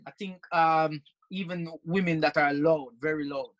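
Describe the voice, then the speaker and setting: A man's voice: fairly high pitch, steady tone, normal speed, dull audio. A man co-hosting a podcast, chatting casually in slang. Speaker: podcast co-host. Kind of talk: casual banter.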